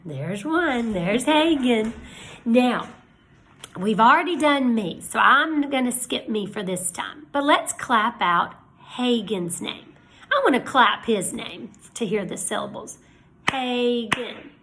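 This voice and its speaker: A woman teacher giving a lesson to young children, speaking slowly and clearly in an encouraging way. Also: fairly high pitch, sing-song, fairly bright tone.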